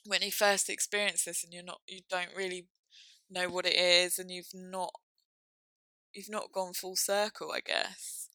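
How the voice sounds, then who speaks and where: A young woman speaking candidly and reflectively about a personal experience, halting now and then with fillers. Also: lowish voice, level tone, pushed and bright, no echo, rough recording.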